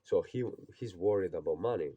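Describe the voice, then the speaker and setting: Agitated young man ranting, dark voice. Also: sits low, brisk, lo-fi sound. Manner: agitated, swearing, repeats himself. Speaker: vlogger. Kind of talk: frustrated personal rant to camera. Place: old rural house.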